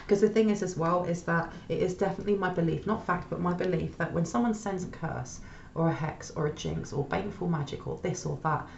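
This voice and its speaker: A woman talks through a tarot reading in a relaxed, conversational way, often pausing to check in with her listener. Her voice sits a little low, and the recording sounds roomy and slightly muffled, with faint background noise. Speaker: tarot reader. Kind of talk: casual tarot reading to camera. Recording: echoey, dull lo-fi room sound.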